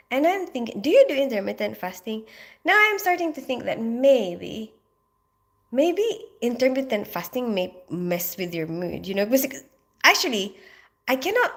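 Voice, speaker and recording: A Filipino woman with a somewhat high voice chats on a livestream, sounding sleepy. She rambles through her thoughts with lots of fillers and quick laughs, greeting her viewers as she goes. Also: fairly bright tone. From Philippines. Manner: chatty and rambling, laughs often, many fillers. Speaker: livestream host reading comments. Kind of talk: casual livestream chat.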